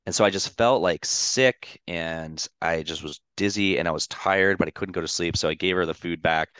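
A man's voice: low-pitched, fairly bright tone, clear, resonant tone, no echo. A man, a podcast guest, telling a personal story in casual chat, rambling with lots of "like" fillers and candid swearing.

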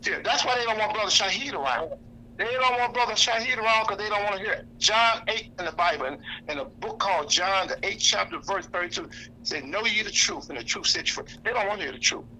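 A man's voice: high voice, fast talker, sharp tone, a little hiss or hum, poor audio. A man giving an impassioned, blunt speech to a lunch audience, preaching, quoting scripture and repeating himself for emphasis. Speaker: activist speaker. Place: indoor lunch gathering.

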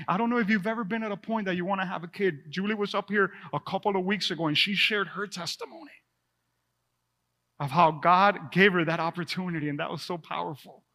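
A man preaching a sermon to his church, animated and reading scripture aloud. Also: high-pitched, long reverb tail. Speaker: pastor. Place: church sanctuary.

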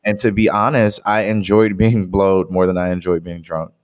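A man's voice: low-pitched, level tone, moderate pace. A young man co-hosting a podcast, chatting casually and rambling with lots of "like" as he tells a personal story. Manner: rambling, heavy use of "like". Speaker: podcast co-host. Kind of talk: casual chat.

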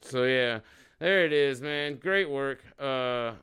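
A man's voice: medium pitch, takes it slowly, heavy background noise. A man from Oklahoma hosting a show, giving profane, heated commentary on a video clip. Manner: profane, heated, swearing freely. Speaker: show host.

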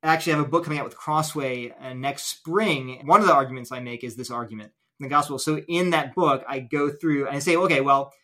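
A man's voice: mid-range voice, fast talker, few pauses, sharp tone. A man as an interview guest, earnestly explaining an argument step by step with illustrations. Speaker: guest apologist.

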